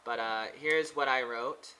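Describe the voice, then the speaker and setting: Rambling, bright-voiced man vlogging. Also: mid-range voice, a little slow, smooth, rough recording. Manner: hesitant, many fillers and restarts. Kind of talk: rambling casual monologue. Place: pagoda.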